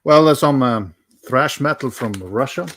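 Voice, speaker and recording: A man co-hosting a podcast, chatting casually and hesitantly, pausing to search for words. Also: medium pitch, expressive, a bit bright, no room sound, studio quality. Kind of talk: casual chat.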